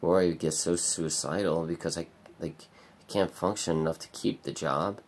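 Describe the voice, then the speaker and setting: A man's voice: low voice, steady tone, moderate pace. A man talking in a bleak, rambling confessional vlog monologue, swearing often and leaning on filler words. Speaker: vlogger.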